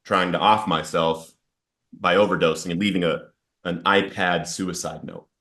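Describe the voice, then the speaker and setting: A man's voice: low-pitched, fairly even intonation, moderate pace, a bit bright. A man sharing an earnest, emotional personal testimony about addiction and recovery as a podcast guest. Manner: earnest, storytelling with rising intensity in quoted outbursts.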